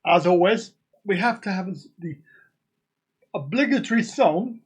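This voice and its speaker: A man's voice: high-pitched, expressive, unhurried, noisy background. A man hosting a casual live stream, rambling and joking as he chats to his viewers. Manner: jokey, rambling, sings and laughs along.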